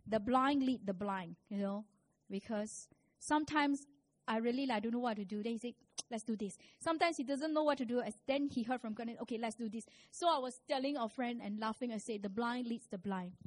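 A woman's voice: a little high, fairly quick. Woman preaching a sermon. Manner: storytelling, rising to loud emphatic preaching.

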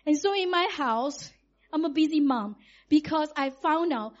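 A middle-aged woman, preaching in a lively, conversational way and acting out quotes. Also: sits high, measured pace, highs cut off. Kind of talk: sermon.

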